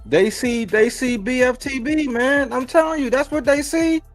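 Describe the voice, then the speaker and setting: A man's voice: very high-pitched, normal speed, soft background music. A man co-hosting a casual boxing talk live stream, emphatic and profane, hammering his points again and again. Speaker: boxing commentary co-host.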